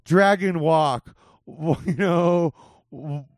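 A man's voice: fairly high pitch, drawn-out words, no echo, studio quality. A man guesting on a comedy podcast, rambling loosely with lots of "like" and laughter. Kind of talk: casual comedic podcast chat.

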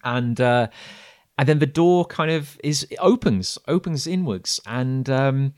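A man's voice: medium pitch, lively intonation, a little slow, a little mellow. Hesitant man narrating as game master. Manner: hesitant, filler-heavy describing.

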